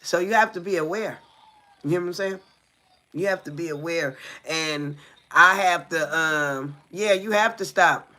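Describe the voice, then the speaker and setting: A woman's voice: on the low side, a little slow, sharp tone. A middle-aged woman talking frankly to her live viewers in a rambling, profane, confessional way, often checking if they hear her. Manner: blunt and profane, keeps asking viewers "you hear me?"; loose, rambling, with repeated fillers. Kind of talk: casual confessional live chat.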